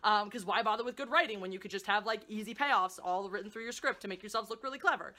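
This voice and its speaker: A woman's voice: mid-range voice, fast, pushed and bright. A woman reviewing a movie in a profane, sarcastic, exasperated rant. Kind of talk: ranting film review.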